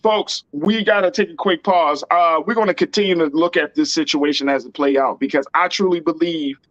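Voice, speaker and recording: A man's voice: a little high, a little fast, fairly bright tone, no room sound, dull audio. A man hosting a political talk show, speaking in an emphatic, slangy and repetitive way. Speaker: host.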